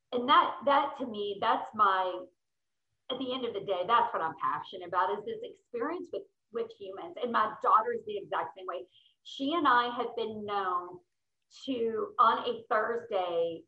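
A middle-aged woman, a podcast guest, telling travel stories in an enthusiastic, chatty way. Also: medium pitch. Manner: enthusiastic, storytelling. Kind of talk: casual interview chat. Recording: roomy, slightly dull sound.

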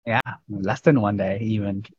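A man's voice: on the low side, moderate pace, slightly rough, dry recording, lo-fi sound. A man hosting a podcast, speaking earnestly and thoughtfully to his guest and listeners. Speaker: podcast host. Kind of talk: podcast interview.

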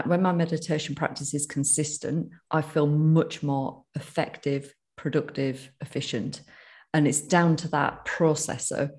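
A speaker with a northern English accent chats casually on a podcast. The voice is gravelly, with a fair amount of fry, and sits at a middle pitch. The talk rambles and keeps restarting, full of fillers. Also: a little mellow.

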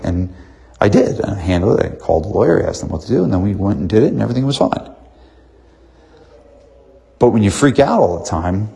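Man, 30s, gym owner; husky, lowish voice; earnest motivational talk with repeated points. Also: a little mellow. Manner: earnest, repeats himself for emphasis. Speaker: gym owner and business coach.

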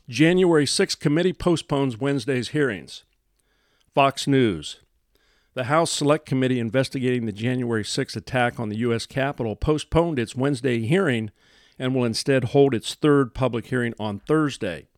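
A man's voice: medium pitch, moderate pace, no room sound, studio quality. A man hosting a news commentary podcast in a folksy, emphatic way, full of "uh" fillers. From American Midwest. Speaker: podcast host.

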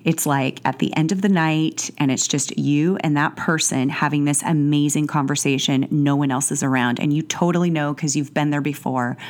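Woman, podcast host, deep voice, chatty and gushing, casual monologue. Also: fairly even intonation, normal speed, few pauses. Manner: chatty, gushing, with frequent fillers and restarts.

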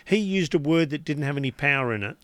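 A man giving relationship advice in casual radio chat, a chatty storyteller who acts out quotes in lively voices. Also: fairly high pitch, fast talker, dry recording. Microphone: studio microphone.

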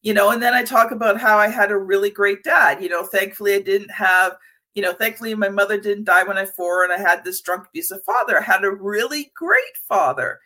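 A woman hosting a podcast interview, telling personal stories in a lively, expressive way. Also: medium pitch, brisk. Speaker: podcast host. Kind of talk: conversational interview.

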